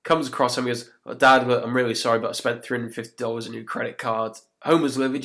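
A man's voice: mid-range voice, little pitch movement, fast, vocal fry, hardly any pauses, a bit bright. A man hosts a casual podcast, talking through an episode scene by scene. He keeps a loose, chatty flow. He laughs often and slips into quoted lines. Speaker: podcast host. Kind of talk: casual chat recapping an episode.

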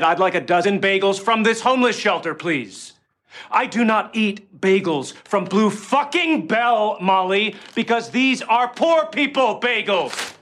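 An actor playing an arrogant, abusive rich boss who rants with contempt and swearing. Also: male voice, high-pitched, a bit bright.

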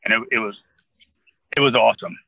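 A man's voice: fairly low pitch, fairly even intonation, brisk, vocal fry, no room sound, phone-quality sound. A man in his sixties from New Jersey, a guest telling a long rambling anecdote in casual conversation. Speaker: interview guest. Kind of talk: casual storytelling.

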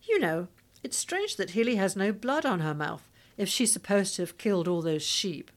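A woman's voice: medium pitch, animated, normal speed, natural voice. A woman doing an eager young boy. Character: curious excited young boy.

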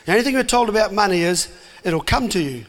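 Emphatic New preacher in a hall. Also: male voice, high voice, animated, fast talker. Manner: emphatic, acts out voices, asks the crowd questions. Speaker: pastor. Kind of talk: sermon. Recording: long hall reverb.

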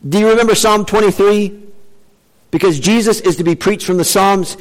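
A man preaching a sermon in an animated, emphatic way, changing his pace for effect. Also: sits high, moderate pace. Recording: long hall reverb.

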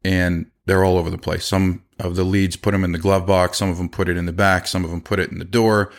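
A middle-aged man with a low, deep voice tells workplace stories in a relaxed podcast chat. He slips into quoted dialogue and laughs easily between points. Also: a little fast. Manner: conversational, laughs often, acts out quoted dialogue. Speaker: podcast host and business owner. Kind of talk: casual storytelling.

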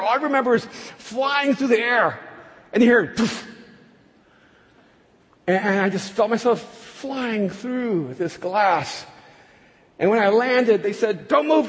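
Man, pastor, animated storytelling sermon, high voice, long hall reverb. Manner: animated storyteller, frequent restarts.

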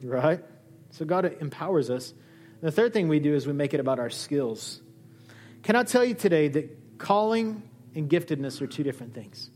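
A man preaching a sermon as a pastor, animated, acting out the dialogue he quotes. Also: moderate pace, soft background music. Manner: lively, acts out quoted dialogue with shifting pitch. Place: church hall.

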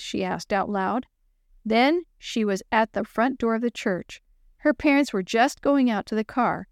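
A woman reading a children's Bible story aloud, lively and raising her voice high for the child's lines. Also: normal speed, no room sound, studio quality.

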